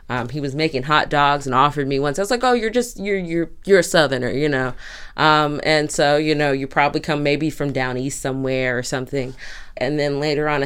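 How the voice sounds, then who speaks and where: A woman's voice: low-pitched, clear, resonant tone. Woman in her twenties, thoughtful storyteller. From Durham, North Carolina. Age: 20s. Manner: thoughtful, frequent ums. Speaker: community storyteller. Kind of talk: reflective storytelling.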